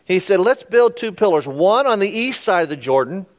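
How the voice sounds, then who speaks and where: A man's voice: sits high, very animated, moderate pace. A man preaching a sermon, retelling scripture with folksy, conversational asides to his listeners. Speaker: pastor.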